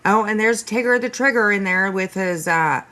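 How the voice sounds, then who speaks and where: A woman's voice: medium pitch, normal speed, bright, forceful tone. A woman hosting a casual reaction commentary, profane and exasperated, laughing often as she reacts to clips. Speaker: host reacting to stream clips.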